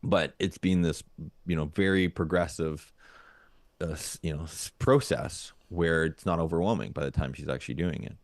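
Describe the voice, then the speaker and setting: A man's voice: a bass voice, moderate pace, no echo. A man co-hosting a parenting podcast, thinking aloud in casual chat with lots of fillers and restarts. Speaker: podcast co-host.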